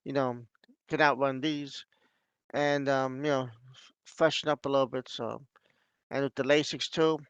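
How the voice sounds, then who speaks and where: A man on a horse racing panel talks through his pick casually, stumbling over words. His voice is gravelly yet smooth and resonant. The sound is dry, close and a little dull. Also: medium pitch, level tone, no room sound. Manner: casual, halting with you know and um. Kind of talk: horse racing handicapping talk.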